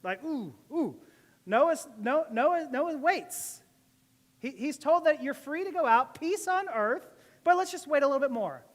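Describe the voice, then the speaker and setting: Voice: high voice, lively intonation, a little slow, long reverb tail. A pastor giving a casual, joking sermon to a church, often laughing between points. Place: church service.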